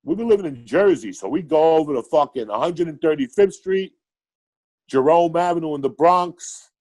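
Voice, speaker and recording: On a podcast where he's the guest comedian, an older man originally from Cuba who grew up in New York City tells profane, excitable stories in a New York accent. He speaks at a moderate pace with a voice on the high side.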